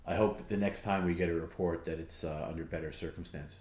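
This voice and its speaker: Deep-voiced man chatting on a livestream. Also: fairly even intonation, fairly quick, darkish tone, reverberant. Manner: reads viewer comments aloud, loose and rambling. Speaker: stream co-host. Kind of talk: casual livestream chat.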